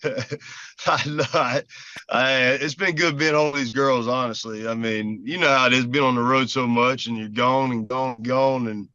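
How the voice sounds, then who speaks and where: A man's voice: mid-range voice, fairly even intonation, moderate pace, pushed and bright, dry recording. Easygoing man on a lo-fi line. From South Carolina. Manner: easygoing, laughs often. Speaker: guest, former baseball player. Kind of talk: casual interview. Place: parked car at a park.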